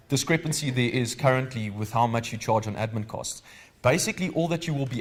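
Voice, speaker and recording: Teaching a legal training session live, this South African man keeps his voice mid-range and his tone casual and easygoing. Questions for the audience come up often as he stops to involve them.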